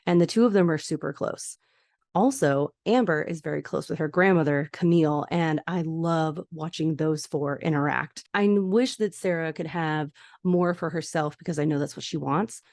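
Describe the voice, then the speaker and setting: A woman hosts a podcast and recaps a TV episode in a chatty, enthusiastic way. Her voice sits on the low side, and she talks with open fondness. The sound is dry and close, with no room around it. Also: normal speed, a little mellow, no room sound. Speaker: podcast host.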